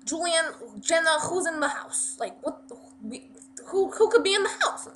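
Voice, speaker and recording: A panicked mother with a New York accent shrieks high and loud, as a woman puts her on. She repeats herself and her bright, sharp voice climbs far above the speaker's own. The impression is done in a home vlog. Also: lively intonation, moderate pace, slight background noise. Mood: alarmed. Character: frantic shrieking mother, middle-aged woman.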